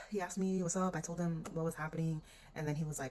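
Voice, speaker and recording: Young woman venting, deep-ish voice, cusses a lot, acts out what people said. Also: fast talker, a little mellow, slight background noise. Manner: candid, swearing, quoting herself. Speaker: vlogger. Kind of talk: venting personal story.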